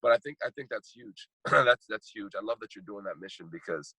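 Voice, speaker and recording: Earnest husky-voiced man. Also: on the low side, animated, brisk, bright, forceful tone, no room sound, rough recording. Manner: heartfelt, earnest, repeats phrases for emphasis. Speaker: guest speaker and coach. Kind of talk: emotional personal storytelling.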